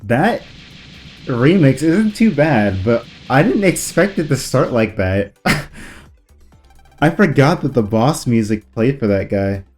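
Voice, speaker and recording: A man's voice: medium pitch, slow, soft background music. A man casually commenting on a video game while reading the characters' lines aloud in varied voices. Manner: animated, reads characters' lines with shifting voices. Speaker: streamer playing and reading game dialogue.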